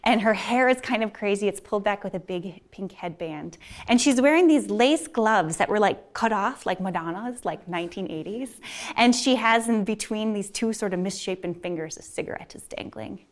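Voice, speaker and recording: A woman's voice: mid-range voice, expressive, normal speed. A woman physician telling a personal story on stage, casual and chatty, with many fillers and frequent laughs.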